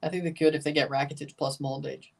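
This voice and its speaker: A man's voice: on the high side, fairly even intonation, fast, gravelly, a little mellow, far from the mic. Casual man rambling on a livestream. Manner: rambling, repeats himself, chuckles. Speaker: livestream watchalong host. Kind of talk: casual live reaction chat.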